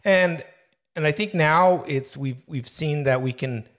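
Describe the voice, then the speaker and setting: A man's voice: a little high, unhurried, fairly bright tone. A man hosting a podcast, asking friendly, rambling questions in a casual interview. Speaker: podcast host.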